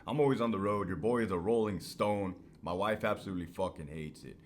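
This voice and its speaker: A man's voice: sits low, fast, hardly any pauses. A man hosting a casual monologue to camera, talking in a blunt, profane, streetwise way. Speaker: host.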